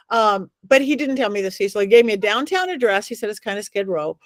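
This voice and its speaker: Animated, storytelling woman, dry sound. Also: on the high side, dry recording. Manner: acts out quoted voices, dramatic pauses. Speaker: psychic medium guest.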